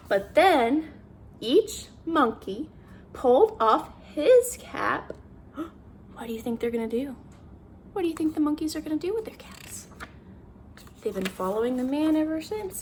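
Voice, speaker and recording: A woman reading a children's picture book aloud, pausing to ask the listener questions. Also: extremely high pitch, creaky, slight background noise. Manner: animated, asks the listener questions. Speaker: children's story reader. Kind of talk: read-aloud storytime.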